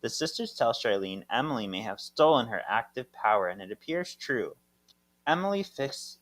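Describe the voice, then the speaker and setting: Male co-host summarizing chapters, bright tone, lively and expressive delivery, wry asides. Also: mid-range voice. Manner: narrates plot summaries with dry asides and laughs. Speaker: podcast co-host. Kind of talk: casual chat reading a chapter summary.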